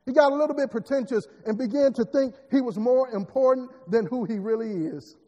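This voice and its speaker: A man's voice: extremely high pitch, fairly quick, dark tone, dull audio. A man preaching a sermon, repeating words and building emphatic rising lines. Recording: long hall reverb.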